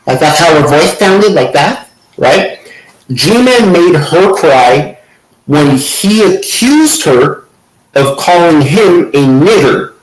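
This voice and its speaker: Brief: male host, sarcastic mocking commentary, very unhurried delivery. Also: fairly high pitch, expressive, echoey room, poor audio. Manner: mocking, sarcastic, keeps saying okay. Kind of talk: commentary over clips.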